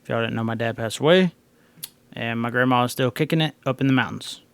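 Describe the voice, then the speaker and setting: A man's voice: mid-range voice, quick pace, gravelly, fairly bright tone, smooth, no echo. A man co-hosting a sports podcast, rambling and joking with many fillers. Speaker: podcast co-host. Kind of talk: casual chat.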